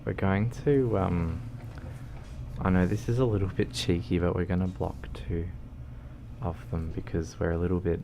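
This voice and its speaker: Man, low and gravelly, unhurried, rambling livestream chat over loud game noise. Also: steady tone. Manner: rambling, lots of ums, reads chat aloud, self-deprecating. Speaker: streamer. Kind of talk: casual livestream chat while gaming.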